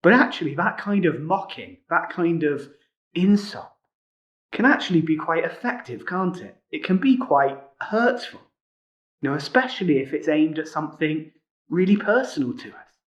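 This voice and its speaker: A man preaching a sermon in a conversational way, often adding tag questions such as "isn't it?". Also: high-pitched. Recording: muffled lo-fi recording.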